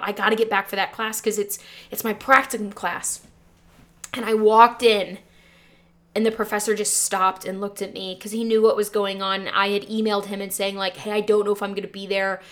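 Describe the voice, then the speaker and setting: A woman's voice: medium pitch, fairly bright tone. A young woman, a teacher hosting a podcast, telling a personal story in an earnest, emotional way with frequent fillers.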